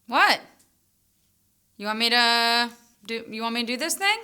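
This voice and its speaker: An actress playing a tipsy, sulky co-host in a comedy sketch, with a slurred, pouty delivery. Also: female voice, on the high side, animated, a little slow, bright, forceful tone, clear, resonant tone.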